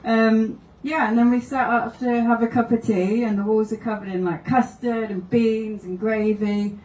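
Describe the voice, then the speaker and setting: A woman's voice: fairly high pitch, fairly even intonation, normal speed, a little mellow, echoey room, distant mic, poor audio. A woman doing stand-up, telling wry anecdotes and laughing through her stories at a live comedy venue. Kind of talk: stand-up storytelling.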